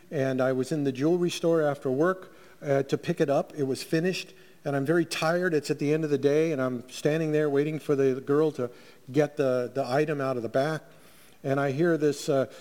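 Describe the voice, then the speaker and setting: A middle-aged man preaching a weekly sermon, talking plainly with fillers and restarts. His voice sits a touch high for a man. A long reverb trails after each phrase. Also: darkish tone. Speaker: pastor.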